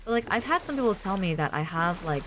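A woman's voice: mid-range voice, big pitch swings, quick pace, a bit bright, slight background noise. A woman streaming a video game, chatting casually and rambling with many fillers as she plays. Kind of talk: casual chat while gaming.

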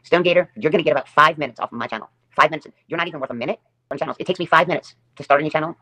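Fast-talking woman ranting on a livestream. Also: low voice, sharp tone. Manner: sarcastic and taunting, repeats phrases. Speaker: livestream host. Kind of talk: livestream rant.

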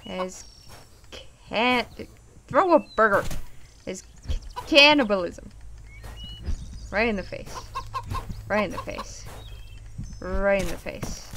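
A young woman giving casual game commentary, excitable, swearing, laughing and yelping at scares. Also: medium pitch, slow, creaky, long pauses, a little hiss or hum. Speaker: gaming YouTuber.

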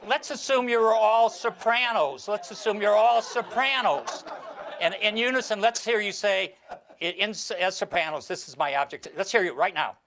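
An older man with a slightly high voice talks an audience through a stage trick. He gives chatty, step-by-step directions and teases his volunteers gently. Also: normal speed, noisy background. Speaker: magician performing for an audience. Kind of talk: archival stage performance with patter.

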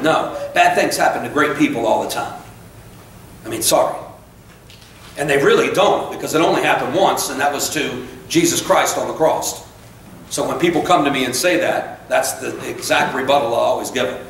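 A man preaching a sermon in a church, fired up and conversational, breaking off into quick asides and correcting himself. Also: on the high side, a bit bright. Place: church sanctuary. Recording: very echoey church room, voice from far off, faint noise.

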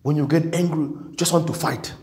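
A man's voice: a little high, fairly even intonation, fairly quick, a little mellow. A male pastor preaching a sermon with emphasis, repetition and frequent amens, in a church. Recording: long church hall reverb.

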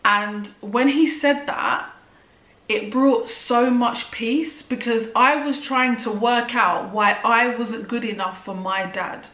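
A woman's voice: a little high, a bit bright, recorded from a distance. Young woman, personal vlog testimony, hesitant and emotional, recorded in an echoey room, away from the mic. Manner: halting, frequent "like" and restarts, emotional. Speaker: vlogger. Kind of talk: personal testimony, casual talk to camera. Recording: roomy and off-mic.

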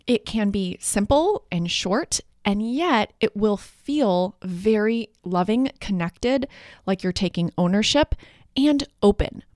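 A woman's voice: medium pitch, animated, slow pace, a little mellow, no room sound, studio quality. A woman hosting a parenting podcast, explaining in an earnest, encouraging way. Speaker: podcast host, parenting coach. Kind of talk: solo podcast teaching.

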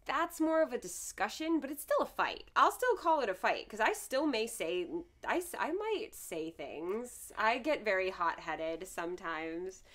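Chatty young woman co-hosting a vlog. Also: medium pitch. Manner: animated, laughs often, quick asides. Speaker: vlog co-host. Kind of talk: casual couple chat.

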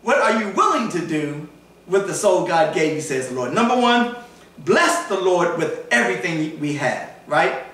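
A man with a fairly high voice preaches to a congregation, lively and dramatic, acting out the people in his stories. He sounds distant from the microphone, and his voice rings around a big, echoing church hall. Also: measured pace. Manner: animated preaching, acts out voices in retold stories. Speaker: pastor. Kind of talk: sermon. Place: church sanctuary. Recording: echoey church hall, voice from far off.

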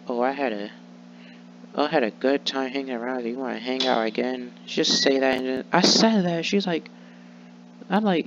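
A man's voice: fairly high pitch, creaky, lo-fi sound, slight background noise. A young man rambling sulkily in a vlog, full of restarts and fillers. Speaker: vlogger. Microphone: laptop mic.

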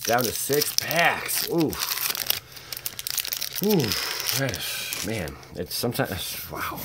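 A man hosting a card-opening video, narrating each pull with loud exclamations and low, awed mutters. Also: drawn-out words, heavy background noise. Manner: exclamatory, swings between shouted excitement and low awed mutters. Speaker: channel host opening card packs. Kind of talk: excited card-opening vlog commentary.

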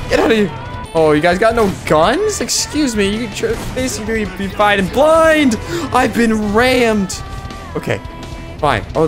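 Male gameplay commentator, animated and jumpy, high-ish voice, game music underneath. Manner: excitable, yelping and laughing at the action.

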